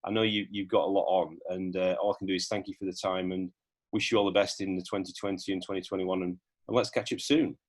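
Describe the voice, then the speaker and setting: A podcast host talks quickly and eagerly, tripping over his restarts as he reacts to his guest. His voice is husky and somewhat low. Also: fairly even intonation. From Britain. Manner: enthusiastic, restarts often. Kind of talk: casual interview talk.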